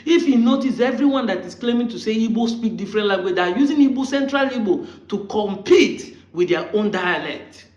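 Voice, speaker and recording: A Nigerian-accented man with a high voice argues combatively, hammering his critics with one rhetorical question after another. The sound is roomy and a little dull, like a lo-fi recording in an echoey space. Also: animated, fairly quick, few pauses, a little mellow. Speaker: online commentator. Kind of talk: argumentative monologue.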